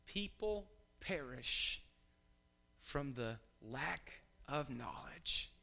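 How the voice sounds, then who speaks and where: Bright-voiced man preaching a sermon. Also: mid-range voice, lively intonation, extremely slow, gravelly. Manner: swings from hushed to shouting bursts. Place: church.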